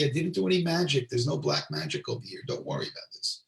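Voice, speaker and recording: Gravelly rabbi teaching in a roomy space. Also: male voice, fairly high pitch, quick pace. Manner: translates Hebrew line by line, asides to audience. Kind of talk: Torah class storytelling. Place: lives in Israel. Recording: roomy sound, distant mic.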